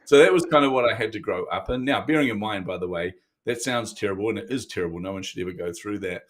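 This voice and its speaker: A man's voice: on the low side, quick pace. A fifty-something man from New to match. He tells his own story as a podcast guest, candid and self-deprecating, often laughing at himself. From New Zealand. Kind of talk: interview storytelling.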